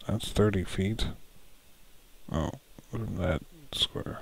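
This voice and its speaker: A man's voice: sits low, a little slow, creaky, slight background noise. A man running a solo tabletop game as dungeon master, musing aloud, correcting himself and chuckling often.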